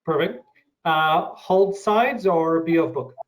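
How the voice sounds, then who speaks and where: A man hosting an interview, asking questions and sharing his own experience in a thoughtful, halting way. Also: fairly high pitch, rough recording. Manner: thoughtful, halting, many fillers. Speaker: interview host. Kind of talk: casual interview.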